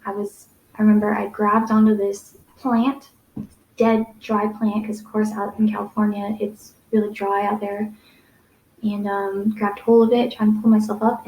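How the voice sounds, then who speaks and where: A woman's voice: medium pitch, muffled recording. A young adult woman telling a personal story to camera, rambling with many fillers and restarts. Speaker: vlogger. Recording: echoey room.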